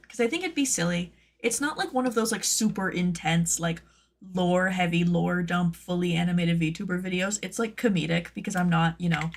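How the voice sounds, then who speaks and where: A woman who makes cosplay patterns, chatting casually on her stream, rambling with lots of "like" and playful jumps into high silly tones. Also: vocal fry.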